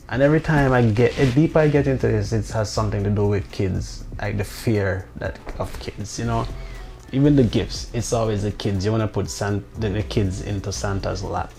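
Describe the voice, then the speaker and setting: Man, lowish voice, rambling casual monologue, faint music under it. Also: creaky, a little mellow. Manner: rambling, restarts often, swears, incredulous asides. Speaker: vlogger.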